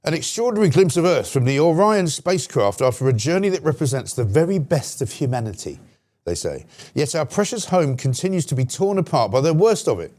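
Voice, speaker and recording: A man's voice: on the high side, very animated, fairly quick, a little mellow. A British man hosting a political talk show, ranting sarcastically about the media. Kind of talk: opinionated political commentary.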